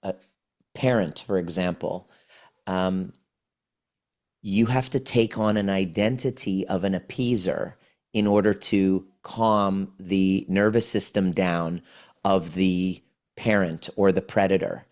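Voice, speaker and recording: A low, darkish voice belongs to a man in his forties who takes his time speaking. Interviewed as a podcast guest, the trauma healing coach explains things earnestly but keeps restarting his phrases.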